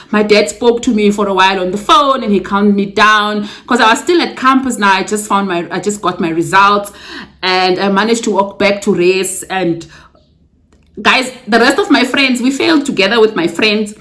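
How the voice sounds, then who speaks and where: A woman's voice: medium pitch, a bit bright. A young woman from Africa, telling her own story to camera in a casual vlog. She talks to viewers as guys and drops exclamations like yay and yo. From South Africa. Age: young adult. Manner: emotional, close to tears at times. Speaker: vlogger.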